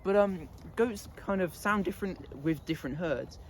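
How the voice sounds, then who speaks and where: Standing outdoors in a goat pen, a male vlogger chats casually to camera in a high voice at normal speed, with a little hiss or hum on the audio. He laughs often and scolds his animals.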